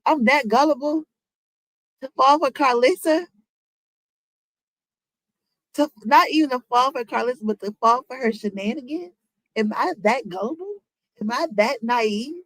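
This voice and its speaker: In a rough recording with no room sound, a woman streamer casually reacts to celebrity news, addressing her chat with rhetorical questions in African American Vernacular English phrasing. Her voice sits high and is a bit bright, at normal speed.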